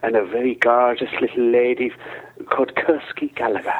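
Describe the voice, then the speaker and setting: A man voicing a mischievous male gnome with a Welsh accent, calling in on the phone and rambling through a long tale in a gravelly, husky voice. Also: medium pitch, little pitch movement, a little fast, natural voice. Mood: cheeky. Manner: rambling storyteller with sing-song rises and falls. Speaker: phone-in caller. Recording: tinny phone line.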